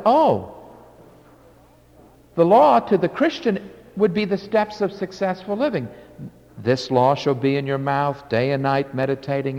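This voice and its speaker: An older man preaching a sermon as pastor, emphatic and drawn out, with sudden swells and drops in his delivery. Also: a little high. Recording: long hall reverb.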